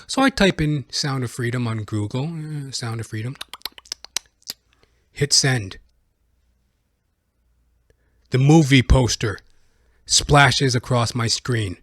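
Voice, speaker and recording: A man's voice: medium pitch, unhurried, a bit bright, no echo. A young adult man, a comedian hosting his own podcast, telling a comic story and acting out scenes with sudden screams.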